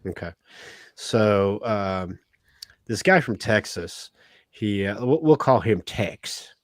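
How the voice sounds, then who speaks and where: A man's voice: fairly low pitch, animated, slow pace, dry recording, studio quality. A man co-hosting a comedy podcast, telling a long, rambling joke. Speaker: podcast co-host.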